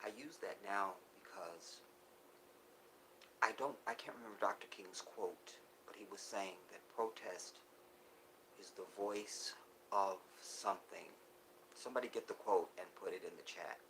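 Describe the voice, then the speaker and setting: A man with a low, edgy, forceful voice, addressing his viewers in an impassioned live monologue. He lurches between loud urgent appeals and quiet, hushed passages, often breaking off mid-phrase to start again. A faint hiss sits under his voice. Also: rough recording. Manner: halting, restarts often. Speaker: live streamer. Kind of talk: emotional live-stream monologue.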